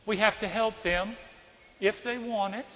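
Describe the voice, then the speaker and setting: A priest preaching to his congregation in a high, bright voice. He tells a personal story and asks his listeners questions. The sound has the long ring of a church hall. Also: fairly even intonation, a little slow.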